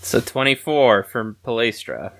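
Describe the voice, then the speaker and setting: A man's voice: medium pitch, sing-song, unhurried, fairly bright tone, slight background noise. A man speaking as a player in a tabletop role-playing game, laughing often and hesitating when he speaks in character. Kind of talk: tabletop role-play, joking.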